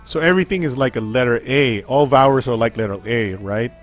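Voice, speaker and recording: A man's voice: medium pitch, a little fast, muffled recording, soft background music. A man hosting a casual tech livestream, rambling with frequent ums, restarts and trailing-off sentences.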